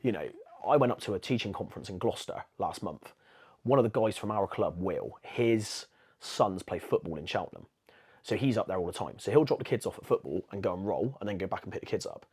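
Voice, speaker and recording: An English man telling lively stories in casual podcast chat. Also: low voice, a little fast, husky. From England. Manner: animated storyteller, laughs mid-story. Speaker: podcast guest.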